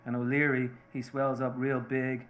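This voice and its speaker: A man reading the part of a remorseful Irish-American mother, a seamstress, confessing earnestly and haltingly to her husband. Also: mid-range voice, completely flat delivery, fairly bright tone, lo-fi sound, close to an everyday voice.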